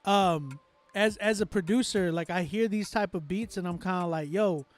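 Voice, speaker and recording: A man's voice: high-pitched, moderate pace. A man from Texas, a music producer hosting a casual livestream, reading chat aloud and giving loose, talkative critique with frequent laughs.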